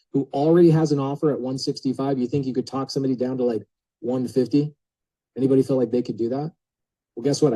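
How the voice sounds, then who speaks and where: A man telling an animated story to a group, casual and full of filler words, acting out the people in it. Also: mid-range voice, dry recording, poor audio. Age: adult. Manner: lively, acts out quoted voices, casual filler words. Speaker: speaker telling a real estate story to a group.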